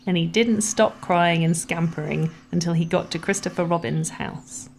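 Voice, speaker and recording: Brief: woman storyteller, low pitch, gentle and measured read-aloud. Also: creaky, a little hiss or hum. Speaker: narrator. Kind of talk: storybook reading.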